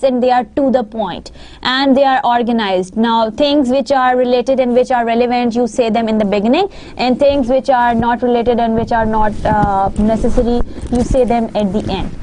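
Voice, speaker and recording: A woman with a high voice gives a lecture over slides. She pads her sentences with fillers and repeats her phrases as she explains each point. She sounds like a lecturer talking to students. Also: darkish tone. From Pakistan.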